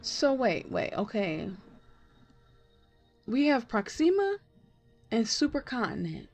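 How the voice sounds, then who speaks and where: A woman playing a game for the first time, reacting excitedly and reading dialogue aloud between her comments. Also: a little high, slow, soft background music. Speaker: gaming video creator. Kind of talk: let's play commentary.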